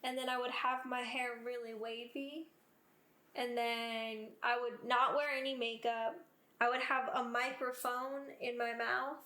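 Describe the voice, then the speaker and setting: A woman with a fairly high voice co-hosts a podcast, speaking at a measured pace as she tells casual stories and acts out people's quotes with animation. The echoey room is audible on the recording.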